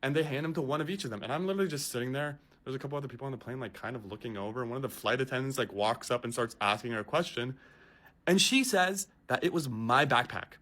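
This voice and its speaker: A man's voice: mid-range voice, fast, pushed and bright. A man telling a story in a casual, exasperated and incredulous way.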